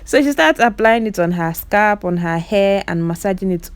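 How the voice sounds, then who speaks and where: A woman with a Nigerian Igbo accent and a medium-pitched, expressive voice narrates clips as a vlogger at a moderate pace, with no echo. Chatty and exclamatory, she addresses viewers directly and repeats words for emphasis.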